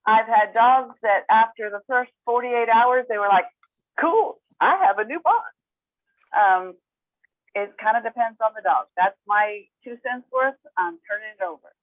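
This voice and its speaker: A woman moderating a casual Zoom Q&A, explaining in a relaxed, friendly way. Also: on the high side, moderate pace, no room sound. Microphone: video call. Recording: tinny phone-line audio.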